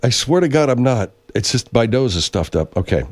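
Here the actor's medium-pitched voice is brisk and sing-song as he portrays a congested, foul-mouthed voice-over performer in a radio comedy sketch. The middle-aged character is defensive and argumentative, stumbling over restarts and repeatedly denying that he's laughing.

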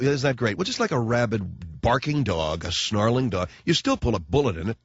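Brash, blunt radio talk host. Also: male voice, lowish voice, lively intonation, normal speed, slightly rough, no echo. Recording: dull lo-fi radio broadcast.

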